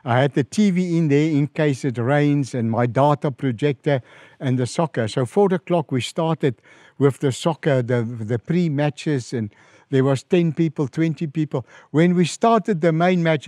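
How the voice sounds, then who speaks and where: In an interview, a middle-aged South African pastor tells stories from his mission work at normal speed, recorded at studio quality with no room sound. An animated storyteller, he raises his pitch and volume when acting out the voices of people who phoned him.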